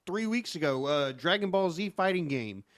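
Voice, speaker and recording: A man in a casual podcast chat, mostly giving short hype reactions and telling a quick story. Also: on the high side, lively intonation.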